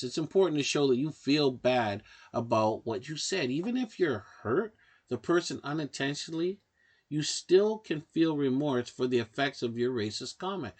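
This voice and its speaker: A man in a middle pitch talks the listener through practical steps, one after another. His delivery is calm and measured, with the even pacing of an instructional voice-over. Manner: calm, measured, advising directly. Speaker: narrator of a self-help guide. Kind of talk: instructional narration.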